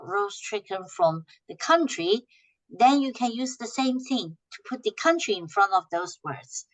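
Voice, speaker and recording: A woman teaching a language class, patiently repeating short phrases slowly for her students to echo. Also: medium pitch, animated.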